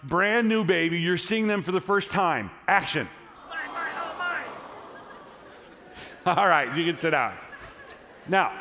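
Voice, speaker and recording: A middle-aged man with a high voice preaches a sermon in a church sanctuary, first telling a story casually and then energetically rousing the congregation. The recording carries long hall reverb from the church and slight background noise.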